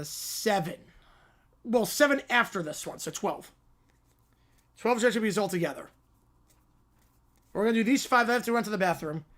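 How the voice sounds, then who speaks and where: A live stream host chatting in a reaction stream, quickly reading out viewer questions and answering them. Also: mid-range voice. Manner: rapid, reads out viewer questions.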